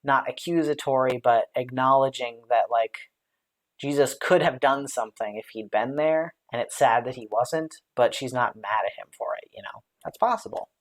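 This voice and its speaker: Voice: medium pitch, moderate pace. Live bible study leader, super chatty, lots of um and like, reads out chat comments and riffs on them. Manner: chatty, thinks aloud with many fillers and light laughs. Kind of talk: casual live-stream Bible study discussion.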